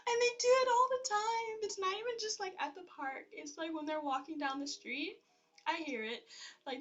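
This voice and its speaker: A woman telling stories in a casual vlog, rambling and animated, laughing often and filling her speech with fillers. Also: sits high, far from the mic. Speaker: vlogger.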